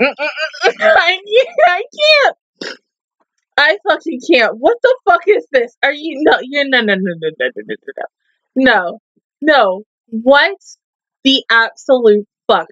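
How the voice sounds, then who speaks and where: A woman giving casual anime reaction commentary, with loud disbelieving outbursts, swearing and laughter. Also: high voice, no echo, dull audio.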